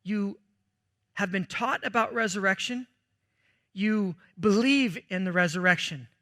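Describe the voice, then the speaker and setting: Preaching a sermon, a high-voiced pastor takes his time, telling stories in a jokey, animated way punctuated by sudden loud bursts.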